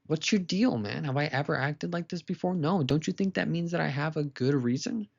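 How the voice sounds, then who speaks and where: A man's voice: fairly high pitch, a little fast, vocal fry, lo-fi sound, pitched above the performer's own voice. A man voicing a fed-up male talking donkey who complains in casual slang. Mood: indignant.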